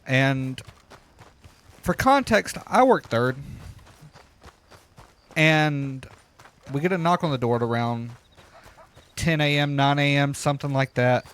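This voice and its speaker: A man casually telling a rambling, profane story while he plays a game, getting loud and heated as he retells it. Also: medium pitch, takes it slowly, long pauses, clean tone. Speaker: gaming streamer telling a story. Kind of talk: casual storytelling over gameplay.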